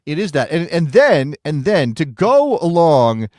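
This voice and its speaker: A man's voice: a little high, sing-song, unhurried, a little mellow, no room sound, clean studio sound. An American man co-hosting a casual soccer talk show, rambling and correcting himself as he talks. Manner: rambling, self-correcting, chatty. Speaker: podcast co-host.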